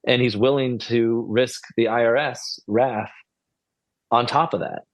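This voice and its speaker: A man's voice: mid-range voice, steady tone, a little slow, dry recording. Dry-sounding man musing over a TV episode. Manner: musing, rambling, asks questions. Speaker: podcast co-host. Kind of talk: casual TV recap chat.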